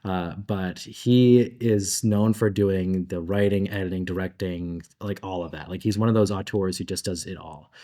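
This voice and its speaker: A man speaking as a game designer on a convention panel, chatty and animated, using lots of fillers. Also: low-pitched, moderate pace, hardly any pauses. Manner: animated, chatty, laughs between thoughts, uses filler like "like".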